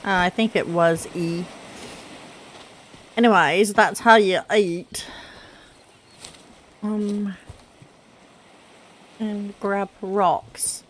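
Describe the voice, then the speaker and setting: A woman in her thirties with a Southern US accent, chatting casually through gameplay, her voice rough from congested sinuses. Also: medium pitch, fairly even intonation, very slow, pauses often, a little hiss or hum. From Southern United States. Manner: chatty, rambling, self-deprecating with fillers. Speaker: gaming channel host.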